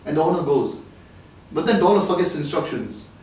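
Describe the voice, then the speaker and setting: A man's voice: fairly high pitch, very animated, fairly quick, a little mellow. A man giving a joking tour of an office and telling a long comic story, laughing at his own punchlines. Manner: chuckles at his own jokes. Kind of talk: casual comic monologue and joke telling. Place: office suite, indoors. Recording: very echoey room, camera at a distance.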